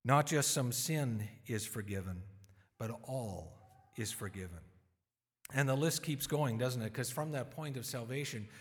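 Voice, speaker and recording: A man preaching a sermon, retelling scripture in lively everyday words and voicing its people. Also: medium pitch, a little slow, in a large hall.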